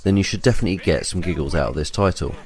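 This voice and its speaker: A man reading a scripted game review voice-over in a measured, even way. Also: low voice.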